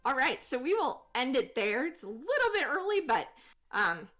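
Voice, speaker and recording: A woman's voice: high voice, sing-song, moderate pace, a bit bright, faint music behind. A woman narrating a tabletop game as game master, in a casual, loose way with many fillers.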